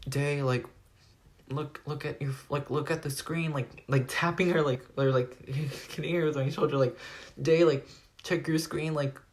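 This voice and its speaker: A teenage guy recounting a story for his vlog. He rambles along, stacking "like" into almost every phrase as he retells events. His delivery is lively and storytelling-driven. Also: on the high side. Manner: rambling, animated retelling full of "like". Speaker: vlogger.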